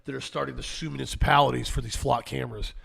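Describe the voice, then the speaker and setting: A man's voice: mid-range voice, steady tone, quick pace, creaky, fairly bright tone, breathy edge. A man co-hosting a talk show, speaking in a conversational way and explaining his points with examples. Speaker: co-host. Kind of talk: casual talk-show commentary.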